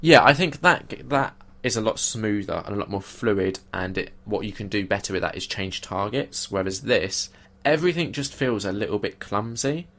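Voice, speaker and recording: A young man co-hosting a podcast in casual chat, blunt and animated, swearing freely. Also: on the low side, normal speed, hardly any pauses. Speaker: podcast co-host.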